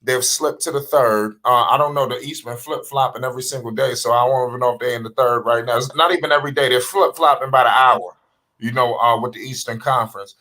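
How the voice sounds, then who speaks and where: A man hosting a casual live sports talk show, animated and profane, often asking whether the listener understands. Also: mid-range voice, quick pace.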